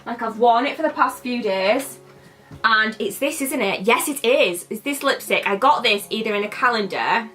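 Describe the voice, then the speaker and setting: A woman's voice: fairly high pitch, pushed and bright. A young British woman chatting casually while unboxing beauty products, playfully shifting her accent as she talks. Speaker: beauty vlogger.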